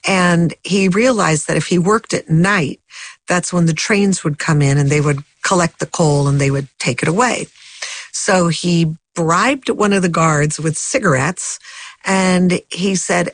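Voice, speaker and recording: An older woman, a guest in an interview, telling a family story in an earnest, animated way and acting out the people she quotes. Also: low voice, unhurried, no room sound. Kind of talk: conversational storytelling.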